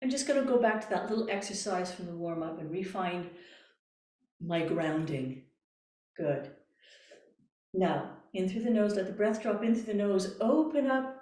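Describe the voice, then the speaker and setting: Gentle woman voice coach, roomy echo. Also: medium pitch, normal speed, pauses often, far from the mic. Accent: Canadian. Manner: calm, gentle, step-by-step guidance with demonstrated breaths. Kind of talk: guided breathing workshop instruction.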